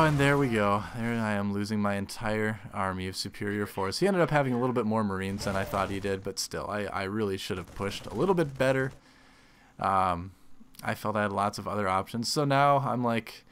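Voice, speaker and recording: A man's voice: fairly low pitch, fairly bright tone, slight background noise. A man casting a replay of his own game, rambling with frequent restarts and groaning at his mistakes. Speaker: game caster. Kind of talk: self-deprecating replay commentary.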